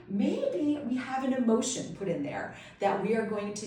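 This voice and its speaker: Her voice is fairly high and sing-song with a dark tone, moving at normal speed with few pauses. She's a homeschool tutor enthusiastically explaining classroom teaching ideas for an instructional video, captured from afar in a very echoey room.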